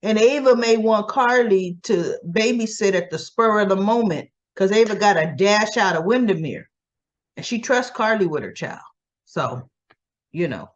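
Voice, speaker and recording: A woman's voice: mid-range voice, lively intonation, normal speed, highs cut off. A woman in casual chat, giving a chatty, opinionated recap of a soap opera episode. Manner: chatty and opinionated, acts out dialogue.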